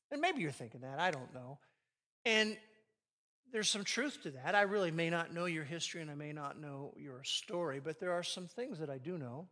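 Male Bible teacher, bright forceful tone, lively joking sermon delivery, big echoing hall. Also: fairly high pitch, moderate pace. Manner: lively, joking, reads scripture aloud. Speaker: Bible teacher leading a marriage class. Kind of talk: live sermon-style teaching to an audience. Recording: long reverb of a large hall.

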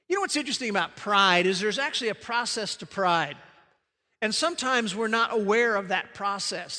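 Bright-voiced pastor preaching emphatically. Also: male voice, high voice. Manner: emphatic, varies pace, engages congregation with questions. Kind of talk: sermon. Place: church sanctuary. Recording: reverberant church hall.

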